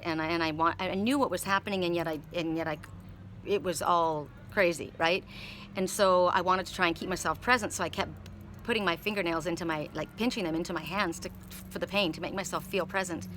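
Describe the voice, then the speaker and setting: Rambling and emotional, a middle-aged woman who reads tarot cards recounts a personal story in casual speech, repeating many words. Her voice is lowish, pushed, and bright, and there's slight background noise.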